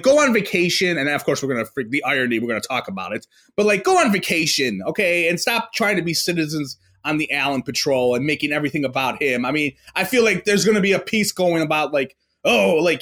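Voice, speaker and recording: A man's voice: a little high, fairly bright tone. Ranting, cursing man on a podcast. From New York. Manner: ranting, profane, full of fillers and restarts. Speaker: podcast guest. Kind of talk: casual sports podcast chat.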